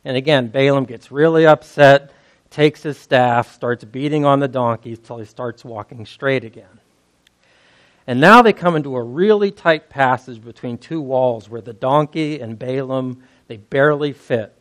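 A male pastor telling a story from the pulpit in an easygoing, conversational manner. His voice sits at an ordinary middle pitch and moves with animated emphasis. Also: moderate pace. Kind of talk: sermon storytelling.

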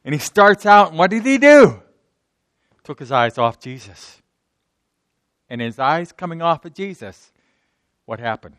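A man's voice: fairly high pitch, big pitch swings, a little slow, pauses often, fairly bright tone, no room sound, studio quality. A man with a slight sore throat, preaching an unscripted sermon in church, often repeating words and restarting sentences. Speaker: pastor. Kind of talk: off-the-cuff sermon.

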